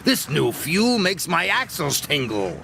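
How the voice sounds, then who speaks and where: A man voicing a sneering, boastful male diesel engine in a storybook reading, with a gravelly, taunting delivery. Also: fairly high pitch, wildly swooping pitch, measured pace, background noise, voice pushed up, heavily acted. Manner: taunting and showing off.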